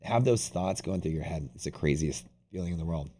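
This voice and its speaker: A man's voice: low voice, lively intonation, a little fast, warm tone. A man hosting a live trading stream, chatting casually in a rambling, profane way with lots of restarts. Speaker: day trading livestream host. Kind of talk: casual livestream chat.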